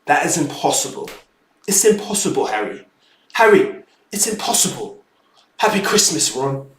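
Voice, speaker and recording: A man doing a calm boy with a put-on English accent. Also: a little high, moderate pace, pitched below the performer's own voice. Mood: mock-solemn. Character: bald boy from a film, mock-English, calm. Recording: roomy echo.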